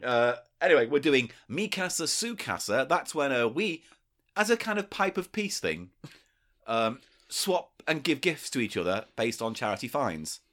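A man's voice: medium pitch, big pitch swings, normal speed, a bit bright. A man co-hosting a comedy podcast, swearing and mock-indignant in casual banter. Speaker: podcast co-host.

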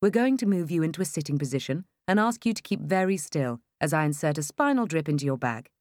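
Steady male doctor, low and instructive, voiced by a woman. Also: dry recording, studio quality. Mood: calm. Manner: measured, instructive, firm. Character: calm male hospital doctor.

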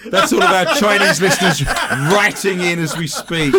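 A man's voice: high-pitched, moderate pace, very noisy. Wry man hosting a comedy podcast. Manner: wry, teasing, laughs often. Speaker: podcast co-host. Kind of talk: comedic podcast chat, reading listener messages.

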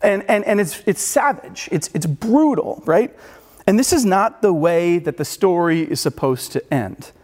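A man's voice: high voice, expressive, a little slow, a little mellow. A man preaching a casual sermon, talking loosely with frequent restarts, fillers and rhetorical questions. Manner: casual, rambling with many restarts and filler words. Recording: long hall reverb.

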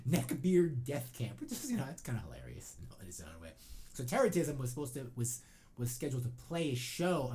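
A man's voice: medium pitch, mellow. A man hosting a podcast in casual chat, joking and opinionated with lots of asides. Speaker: podcast host.

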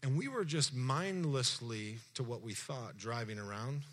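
A middle-aged man, a pastor preaching a sermon as a lively story, acting out dialogue and asking the congregation questions. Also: mid-range voice, a little slow.

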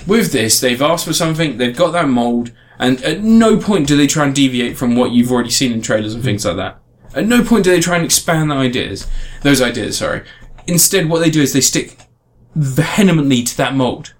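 A man's voice: mid-range voice, a little fast, few pauses. A man in casual podcast chat, reviewing a game in a rambling way with frequent restarts. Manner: rambling, restarts often, animated emphasis.

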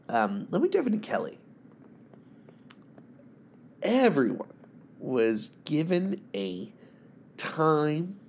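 A man in his thirties with a gravelly, fry-laden voice rants through a fantasy league recap. He is sick with covid and swings into sarcastic, swearing tirades, laughing at his own jokes. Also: lowish voice, a little hiss or hum. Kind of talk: profane rambling recap monologue.

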